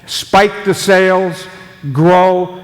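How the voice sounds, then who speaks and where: A man's voice: high voice, flat delivery, extremely slow. An older man giving a jokey, audience-engaging business talk as guest speaker at a meeting. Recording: long echoey hall reverb.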